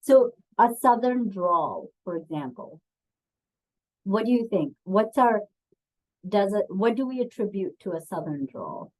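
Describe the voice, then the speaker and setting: A woman's voice: mid-range voice, animated, a little slow, darkish tone, rough recording. A woman presenting a webinar on bias, talking in a conversational way with frequent ums and putting questions to her audience. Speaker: diversity and bias trainer.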